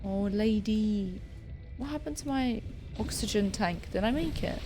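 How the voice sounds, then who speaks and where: A woman's voice: medium pitch, a little slow, mellow, soft background music. A young woman streaming a scary game, jumpy and chatty, talking to the creatures she meets. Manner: jumpy, talks to game creatures, screams when startled. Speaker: gaming streamer. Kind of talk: casual let's-play commentary.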